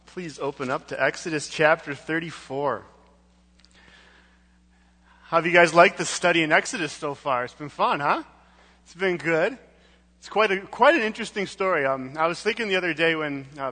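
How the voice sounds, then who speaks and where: A young man preaching a casual, conversational sermon in church, chatty and relaxed with frequent fillers. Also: fairly high pitch.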